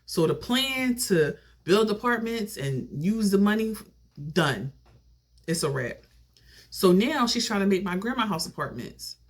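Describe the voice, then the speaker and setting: A young adult vlogger telling a family story in a casual, animated way. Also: mid-range voice, measured pace. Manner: animated, conversational retelling.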